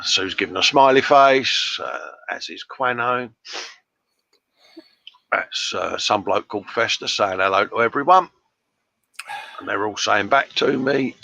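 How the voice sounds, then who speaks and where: A man's voice: lowish voice, unhurried, gravelly, long pauses, pushed and bright, no echo. A British man hosting a live workshop stream, chatting casually, laughing often and reading out viewer comments. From Britain. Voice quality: chummy, laughs often, says "mate" a lot. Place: home workshop bench. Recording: dull dry sound.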